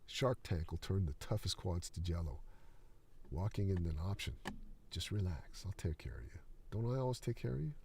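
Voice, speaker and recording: A man reading the lines of a predatory old male vampire boxing trainer in a low, quiet, taunting voice. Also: expressive, moderate pace, creaky, slight background noise. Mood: menacing.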